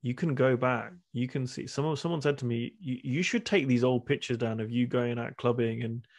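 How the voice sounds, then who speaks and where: A man's voice: medium pitch, a little fast, a little mellow. A man in his thirties talking candidly as a guest on a video call, often restarting his words. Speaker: guest speaker and men's retreat coach. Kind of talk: casual conversation on a video call.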